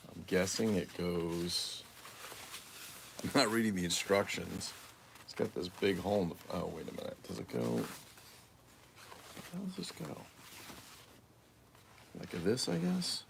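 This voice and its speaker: A deep-voiced man with a gravelly, creaky edge, rambling casually as he assembles a toy on a livestream. He mutters to himself, swears under his breath and tosses out crude jokes. Steady background noise runs under his voice. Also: a little slow, long pauses. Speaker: toy collector livestream host. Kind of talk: casual unboxing livestream chat.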